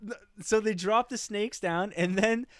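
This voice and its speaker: A man's voice: sits high, unhurried. A man with a Canadian accent co-hosting a podcast, telling a story in casual, comedic chat, laughing often and acting out voices. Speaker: podcast co-host.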